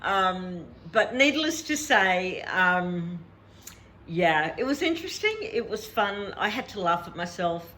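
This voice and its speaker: A woman's voice: fairly low pitch, very animated, slow, bright, forceful tone, slight background noise. A middle-aged woman, chatting casually as a vlog host and laughing often as she tells a story. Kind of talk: casual chat.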